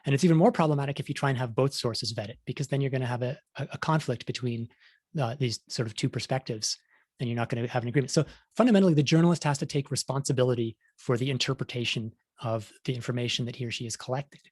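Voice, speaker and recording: A man's voice: mid-range voice, fast, a little mellow, no echo, clean studio sound. A middle-aged man, a science journalist, giving a conversational talk with many restarts, acting out quotes along the way. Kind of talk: conference talk.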